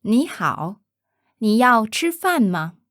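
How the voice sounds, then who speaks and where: Female pronunciation model, very slow and deliberate, lively tones, dry close mic. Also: fairly high pitch, no echo. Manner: careful, deliberate enunciation, each phrase said twice. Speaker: native-speaker model for pronunciation. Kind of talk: slow repeated pronunciation examples.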